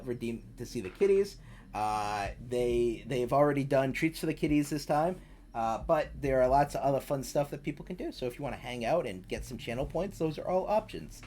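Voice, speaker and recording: A livestreamer chatting casually with viewers from a home setup, animated and freely swearing when ranting. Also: medium pitch, slight background noise. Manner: soft cooing baby talk to the cat. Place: home streaming room.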